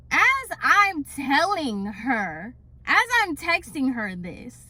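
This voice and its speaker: A young woman tells a storytime with exasperation, full of "like" as she rants. Her voice sits a little high and sounds bright and sharp. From Puerto Rican heritage. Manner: exasperated, animated retelling with frequent "like". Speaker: hairstylist and storytime vlogger. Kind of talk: casual storytime rant.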